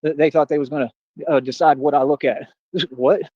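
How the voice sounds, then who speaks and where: A man rants at high speed in a boastful, confrontational livestream monologue, firing challenges at his critics. His voice sits a little high. The audio is dry, dull and lo-fi, like replayed stream sound. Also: fairly even intonation, a little fast, no echo. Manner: boastful, confrontational, repeats "what are you talking about".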